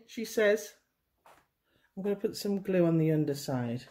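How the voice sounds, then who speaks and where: A woman hosts a casual baking tutorial, chatty and self-deprecating, often sinking to a murmur as she works through the hands-on demonstration. Her mellow voice sits on the low side, animated yet a little slow, with frequent pauses.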